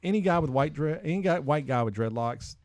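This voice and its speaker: A slightly high-voiced man in his forties holds court as a podcast host, tossing out strong opinions in a lively, ranting way. The sound is dry and close, with no room around him. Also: fairly quick, no echo. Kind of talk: casual chat.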